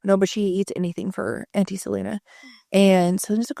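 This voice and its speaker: A woman's voice: mid-range voice, level tone, quick pace, creaky, mellow, dry recording. Chatty woman co-host, dry close mic. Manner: chatty, storytelling, many fillers. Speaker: podcast co-host. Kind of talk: casual chat.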